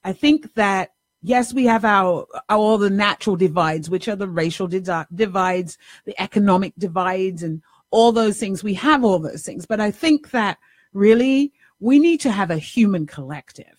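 A woman, host and life coach, telling a story in an animated, casual monologue, acting out the dialogue and swearing now and then. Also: medium pitch, moderate pace, no room sound, clean studio sound.

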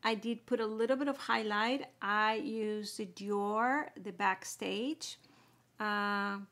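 A woman's voice: mid-range voice, steady tone, takes it slowly, fairly bright tone. A woman chatting casually through a makeup tutorial, explaining each step as she applies it. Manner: chatty, explaining steps while applying makeup. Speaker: beauty vlogger.

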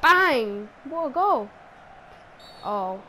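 A woman commentating her own football video game, pleading with players and shouting and cheering at goals. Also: high-pitched, big pitch swings, extremely slow, a little hiss or hum. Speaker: gaming video host. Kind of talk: excited live gameplay commentary. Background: game music.

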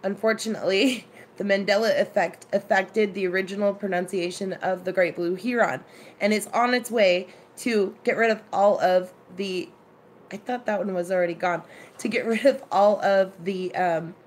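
A woman's voice: mid-range voice, steady tone, normal speed, slight background noise. A woman hosting a casual live stream from her home kitchen, chatting with viewers and telling a story. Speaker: live-stream cooking host.

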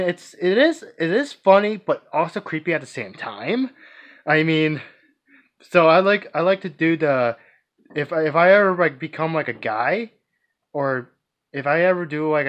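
A man's voice: fairly high pitch, a bit bright. A man vlogging casually, answering viewer questions in a rambling, hesitant way with many restarts and fillers. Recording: dull lo-fi recording.

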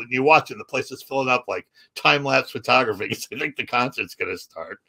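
Man telling animated stories, bright tone. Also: medium pitch, fast, creaky, few pauses. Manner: animated anecdotes with acted-out quotes and laughs. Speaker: comedian and magician guest. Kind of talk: casual storytelling interview.

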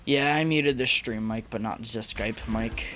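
A teenage boy streaming live, chatty, talking in quick bursts and laughing often. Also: mid-range voice, pushed and bright, a little hiss or hum. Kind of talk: casual live-stream chat.

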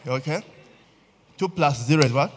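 A man's voice: a little high, lively intonation, normal speed, a little hiss or hum. A Ugandan man preaching a sermon as pastor, talking conversationally and often checking in with the congregation with "eh?" and "okay?".

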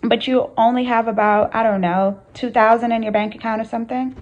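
A woman's voice: a little high, steady tone, a little fast, phone-quality sound. A woman hosting her channel, speaking earnestly to camera in a casual motivational talk, with repeated phrases and rhetorical questions. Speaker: spiritual coach and channel host.

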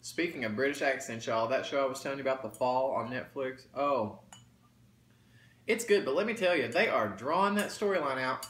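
A mukbang vlogger with a medium-pitched, fairly bright voice talks a little fast and expressively while he eats. His chatter to viewers is casual and folksy. The recording echoes around the room over faint background noise.

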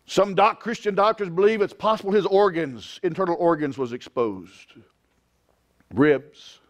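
A man preaching a sermon as pastor, swinging from quiet, drawn-out lines to loud shouted climaxes. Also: high voice. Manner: impassioned preaching, rising to shouts.

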